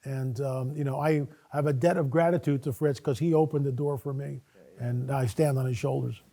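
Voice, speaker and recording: A man guest on a talk show, telling a personal story in a casual, animated way and acting out his own dialogue. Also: mid-range voice, moderate pace, vocal fry. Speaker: guest speaker.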